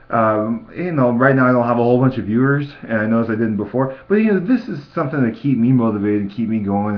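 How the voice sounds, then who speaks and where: A man's voice: mid-range voice, highs cut off. Rambling young man on a laptop mic. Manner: rambling, repeats words and restarts. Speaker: fitness vlogger. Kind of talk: casual video diary. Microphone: computer mic.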